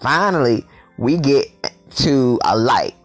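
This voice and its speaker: A man's voice: medium pitch, animated, slow pace, faint music behind. A young man telling a story in a casual vlog, sassy and profane, with lots of energy.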